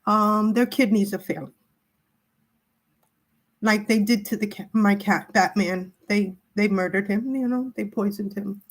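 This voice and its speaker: Woman tarot vlogger, crying, halting speech, apologetic, medium pitch. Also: steady tone. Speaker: tarot reader. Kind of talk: emotional spiritual vlog.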